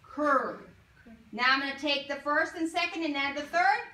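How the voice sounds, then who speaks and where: A woman teaching a phonics lesson to young children, sounding out words slowly and asking coaxing questions. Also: high voice. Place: classroom. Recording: roomy classroom from far off, faint noise.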